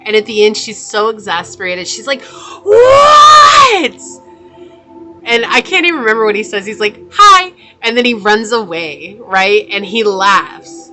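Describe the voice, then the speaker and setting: Woman, tarot reader, chatty, reassuring, mid-range voice, clear music under the voice. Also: mid-range voice, moderate pace, few pauses. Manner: chatty, reassuring, with fillers and restarts. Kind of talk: casual spoken tarot reading. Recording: music playing behind the voice.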